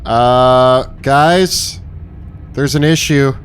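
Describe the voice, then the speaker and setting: Brief: male game master as an uneasy, halting cabin local. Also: mid-range voice, a little hiss or hum, lightly acted. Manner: hesitant, halting speech.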